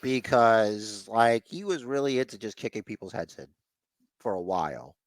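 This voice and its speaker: A man's voice: fairly low pitch, expressive, moderate pace, dry recording. A man hosting a casual podcast chat, rambling, blunt and sometimes profane. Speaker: podcast host.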